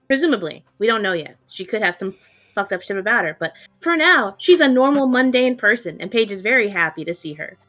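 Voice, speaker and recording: Chatty, animated woman player. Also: medium pitch, a little fast, highs cut off, faint music behind. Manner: chatty and playful, swearing. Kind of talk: casual chat.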